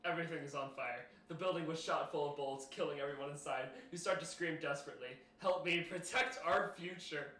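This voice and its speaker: A male streamer reading a text adventure aloud, excitable and often breaking into laughter. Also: fairly high pitch, brisk, few pauses. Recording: roomy, distant, faint noise.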